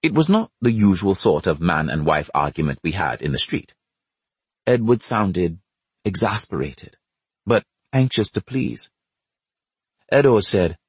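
A man reads a story aloud in a measured, steady way. His voice is low and husky, and it moves around expressively in pitch. The recording is close and dry. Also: no echo. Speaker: narrator. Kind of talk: audiobook narration.

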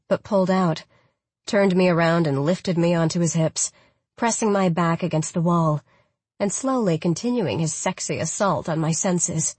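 A woman reading a first-person audiobook in a smooth, even way with breathy, intimate touches. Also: fairly low pitch, no room sound. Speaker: audiobook narrator.

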